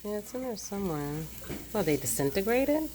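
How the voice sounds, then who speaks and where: A woman chatting casually as she shows the family dinner in her home kitchen, homey and unhurried. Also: mid-range voice, very animated, background noise. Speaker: vlogger cooking for her family. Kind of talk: casual kitchen vlog chat.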